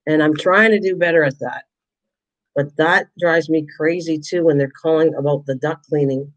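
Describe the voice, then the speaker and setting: A woman's voice: sits low, steady tone, fairly quick, rough recording. Chatty woman crafting on camera. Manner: chatty, self-deprecating, talks to viewers in chat. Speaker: craft vlogger. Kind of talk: casual chat while crafting.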